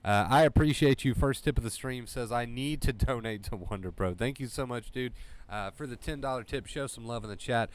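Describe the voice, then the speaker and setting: A man's voice: medium pitch, fairly quick. Emphatic man coaching a livestream chat. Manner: emphatic, repeats key phrases, addresses chat directly. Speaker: anxiety coach and livestream host. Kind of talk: motivational livestream talk.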